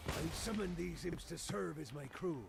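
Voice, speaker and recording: A man voicing a hammy old pirate captain in a video game, theatrical and gravelly. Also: a little high, moderate pace. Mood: blustering. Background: game music.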